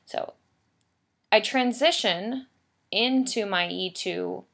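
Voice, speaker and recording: Patient woman teacher with gravelly fry. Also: medium pitch, slow pace, a bit bright. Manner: patient, explanatory, emphatic repetition. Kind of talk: recorded writing lesson.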